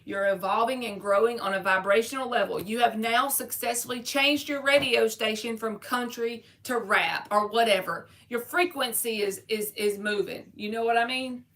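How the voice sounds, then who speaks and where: A woman's voice: on the high side, steady tone, normal speed, hardly any pauses, a bit bright. A woman giving a live-stream tarot reading, talking casually and straight to her viewers in slangy everyday speech. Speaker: tarot reader.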